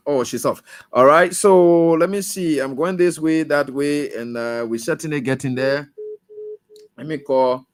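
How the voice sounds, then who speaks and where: A man hosting a call-in radio show, casual and brisk as he juggles callers. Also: fairly high pitch, no room sound. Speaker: radio talk show host.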